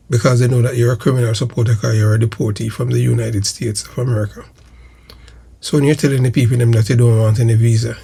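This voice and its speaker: A Jamaican man hosting his channel, delivering a slow, emphatic, repetitive accusatory monologue. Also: mid-range voice, vocal fry, mellow, breathy edge. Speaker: channel host.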